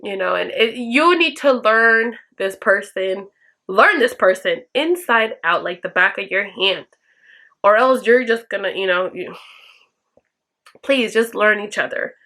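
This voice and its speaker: A woman's voice: mid-range voice, lively intonation, a little slow, bright, forceful tone. A woman talking straight to her viewers, giving blunt, profane advice in a casual chat and acting out the lines she quotes. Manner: acts out quoted lines in a raised voice. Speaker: vlogger answering viewer questions.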